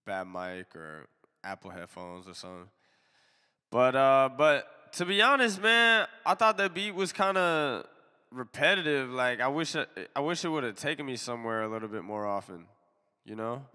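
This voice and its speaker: A man's voice: fairly low pitch, sharp tone, smooth, in a large hall. A man hosting a casual live-stream music review, talking in a laid-back, slangy way with many fillers, his voice a little nasal from allergies. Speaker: music review show host.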